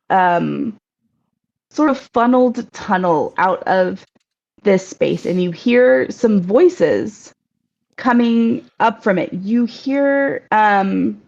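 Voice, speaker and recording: A woman narrating a tabletop game as game master, hesitant and full of pauses. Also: mid-range voice, gravelly, a little mellow. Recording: dull lo-fi recording.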